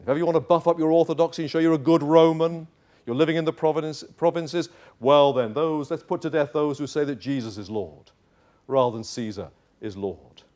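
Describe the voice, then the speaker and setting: Guy preaching in church, kinda high voice, acts out voices, really emphatic. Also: a little fast, darkish tone. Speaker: pastor. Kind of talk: sermon.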